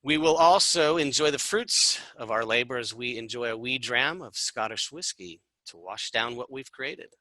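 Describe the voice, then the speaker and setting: Bright-voiced chatty man presenting tours. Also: mid-range voice, moderate pace, few pauses, no echo, low-quality recording. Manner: chatty, upbeat, with fillers and asides. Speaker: tour presenter. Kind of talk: informal travel presentation.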